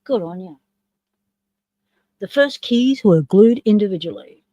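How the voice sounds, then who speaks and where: A chatty woman hosting a live stream, with a soft, mellow tone. She mutters her way through the stream software and chats along with a video. The sound is close and dry, with no room around it. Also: mid-range voice, lively intonation, unhurried, no room sound, dull audio. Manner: chatty, talks to herself while running the stream software; reads along with and comments on a video. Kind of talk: casual live-stream chat.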